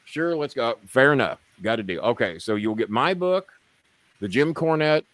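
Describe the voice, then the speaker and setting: A man's voice: medium pitch, lively intonation, moderate pace, a bit bright, no room sound. A man hosting a casual live stream, rambling, swearing freely and haggling with viewers. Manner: rambling, profane, bargaining with viewers. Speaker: show host.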